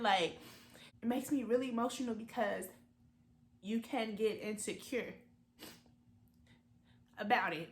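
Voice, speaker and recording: A woman in her twenties talking candidly in a personal vlog, halting and filler-heavy, fighting back tears. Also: medium pitch, reverberant. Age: 20s. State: close to tears. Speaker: vlogger.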